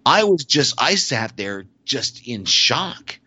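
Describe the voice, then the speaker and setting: A man's voice: medium pitch, slow pace, husky, dry recording. A man hosting a casual chat, rambling and restarting his sentences as he animatedly retells scenes. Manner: rambling, self-correcting, animated storytelling. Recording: dull lo-fi dry audio.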